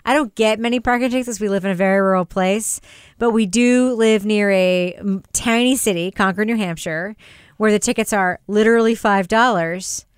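A woman's voice: medium pitch, moderate pace, smooth, no room sound, studio quality. A woman hosting a podcast panel, reading a news item wryly and then chatting with her guests. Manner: wry, reads news items then riffs. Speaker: podcast host. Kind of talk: casual panel talk with scripted segments.

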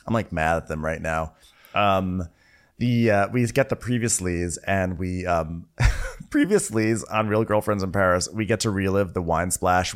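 A man hosting a podcast, giving a casual comedic recap of a reality show and giggling, with stammering restarts. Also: fairly low pitch. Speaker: podcast host.

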